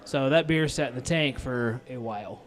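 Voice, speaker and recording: A restaurant owner and chef with a Midwestern American accent tells stories in casual chat, swearing freely and acting out both sides of arguments. His mid-range voice moves at a moderate pace, recorded on a lapel mic over soft background music.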